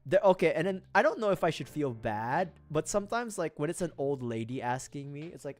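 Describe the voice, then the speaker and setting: A man's voice: fairly high pitch, big pitch swings, brisk. A young man from the Philippines with a Filipino accent, chatting on a casual livestream, rambling, swearing freely and laughing often. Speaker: streamer.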